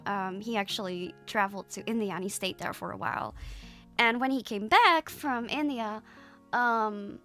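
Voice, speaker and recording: A young woman chats casually to her stream audience, trailing off and restarting often. Her voice is bright and a little high for a woman. A soft music bed plays quietly behind her. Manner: rambling and hesitant, many restarts and fillers. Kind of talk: casual chat to viewers.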